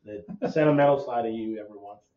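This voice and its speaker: A man's voice: on the low side, fairly quick, a crowd in the background. A man chatting as a podcast guest, laid-back and full of fillers. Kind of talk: casual chat. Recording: echoey, dull lo-fi sound.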